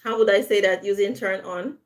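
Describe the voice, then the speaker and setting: A woman's voice: mid-range voice, brisk. A woman giving a live online English lesson, patiently modeling word stress and switching into French to explain. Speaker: English tutor.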